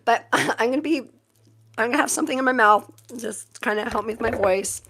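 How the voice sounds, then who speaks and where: This is a woman tarot reader in her forties with a Southern Californian Valley girl lilt, pitched slightly high. She rambles in a chatty, quirky way with no filter, and her voice has been troubled for months. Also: a little fast, background noise. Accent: Southern Californian Valley girl cadence. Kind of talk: casual live stream chat.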